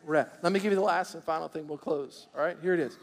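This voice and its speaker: A man's voice: a little high, fast talker, creaky. A man preaching a sermon as pastor, calling for responses from the congregation and often repeating his words. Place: church sanctuary. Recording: reverberant church hall.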